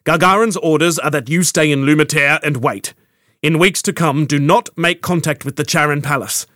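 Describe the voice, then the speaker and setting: A man's voice: on the high side, moderate pace, a bit bright, no echo, studio quality, lightly acted. A man doing a stern, commanding army captain. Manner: raised, commanding delivery. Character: stern male army captain giving orders.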